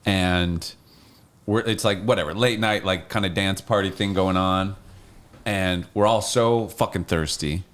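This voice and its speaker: Low-voiced relaxed male host. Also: unhurried. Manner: relaxed, swears casually, asks questions. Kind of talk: casual chat.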